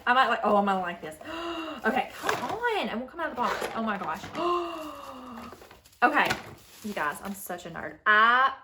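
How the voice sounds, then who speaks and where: A young woman vlogger chatting casually at home while unboxing books, bubbly and prone to excited gasps and squeals, sometimes reading blurbs aloud. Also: on the high side, a little hiss or hum. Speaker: book vlogger.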